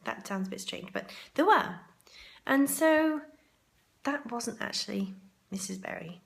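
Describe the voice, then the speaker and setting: A chatty woman talks straight to camera, rambling through her day. Her throat is sore and groggy, and a gravelly fry runs under her voice. She sounds casual and unscripted. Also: a little high, animated, a little slow. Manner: chatty and rambling, with asides to herself. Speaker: vlogger. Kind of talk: chatty vlog monologue. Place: hotel ladies' room for part of it.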